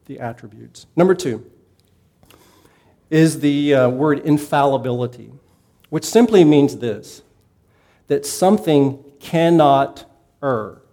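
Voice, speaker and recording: Casting: male Bible teacher, warm mellow tone, conversational, asks the room questions. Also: mid-range voice, vocal fry. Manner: conversational, asks the class questions, repeats key points. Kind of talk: casual classroom teaching.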